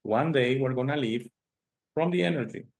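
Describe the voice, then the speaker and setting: A man's voice: mid-range voice, moderate pace, vocal fry. Emphatic man with a Spanish first language. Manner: animated storytelling, frequent "okay?" tags, emphatic. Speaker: host. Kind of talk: casual conversation.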